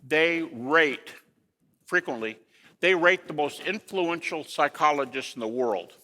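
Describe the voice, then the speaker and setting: A man giving a lecture to an audience in an animated way, with rhetorical questions and folksy asides. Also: a little high, a little slow, big-room sound.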